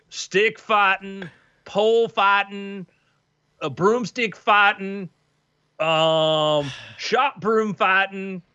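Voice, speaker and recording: A man voicing a burly, slow-witted young country man with a plain, simple drawl. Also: high-pitched, fairly even intonation, bright, forceful tone, clean tone, no room sound, lo-fi sound, voice pushed up, full character voice. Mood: dim.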